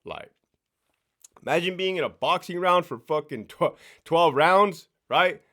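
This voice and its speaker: A man's voice: fairly high pitch, unhurried, sharp tone. A man, a former prison sergeant, ranting bluntly and profanely in a casual vlog, often repeating and restarting words.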